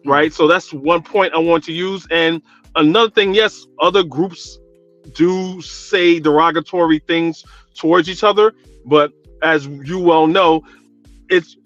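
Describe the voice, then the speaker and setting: A man's voice: on the high side, measured pace, a bit bright, dry recording, lo-fi sound, faint music behind. A man from New calling in to a radio talk show, talking casually at length with many fillers. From New York, Guyanese descent. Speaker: caller. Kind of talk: call-in radio chat.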